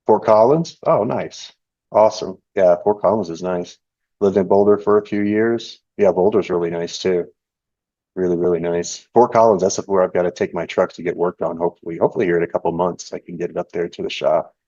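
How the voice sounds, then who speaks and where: Deep-voiced man chatting on a stream. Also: fairly quick, no echo. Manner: relaxed and rambling, reading chat and charts aloud. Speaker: live trading show host. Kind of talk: casual live-stream chat. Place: home indoors. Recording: dull, dry lo-fi stream audio.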